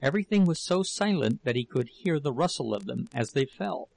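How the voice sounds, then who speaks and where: A man reading a novel aloud as an audiobook narrator, in a steady, measured way. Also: mid-range voice, vocal fry, rough recording. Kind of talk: scripted narration.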